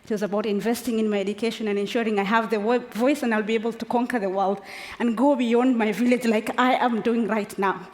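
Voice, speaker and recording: Woman in her forties from Kenya, higher voice, passionate and emotional, long reverb of a large hall. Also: steady tone, fairly quick, a little mellow, slight background noise. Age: 40s. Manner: passionate, emphatic, laughs between phrases. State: emotional, near tears. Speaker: speaker. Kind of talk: unscripted personal speech.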